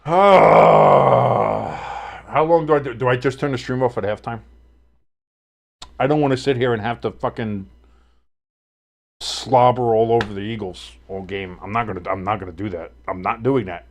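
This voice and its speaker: A man's voice: medium pitch, steady tone, a little fast, pauses often. A man hosting a casual live sports stream, calling plays and reacting in a blunt, profane, rambling way.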